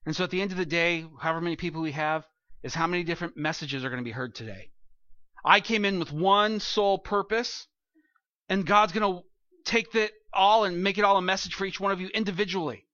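Bright-voiced conversational male pastor preaching. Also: high-pitched, a little fast, no room sound. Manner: animated and conversational, acts out quoted voices. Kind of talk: sermon. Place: church, speaking from the front. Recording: dull lo-fi recording.

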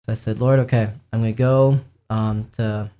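A man's voice: fairly low pitch, steady tone, normal speed, mellow. A young man sharing a personal faith testimony in a casual, earnest way, with frequent fillers and restarts. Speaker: speaker sharing his faith and vocation story.

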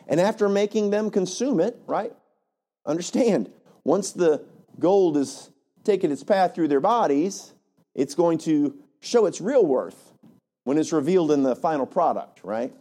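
Pastor, man, chatty and animated delivery, warm-toned, leans on "right?". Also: a little high. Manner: animated, conversational, frequent "right?". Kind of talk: sermon.

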